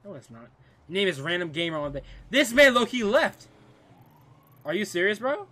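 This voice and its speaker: Young male streamer with a high, bouncy voice and a bright edge; excitable trash talk over gameplay. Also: normal speed. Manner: excitable trash talk, constant "bro" and "dude". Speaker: gaming streamer. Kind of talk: live gameplay commentary.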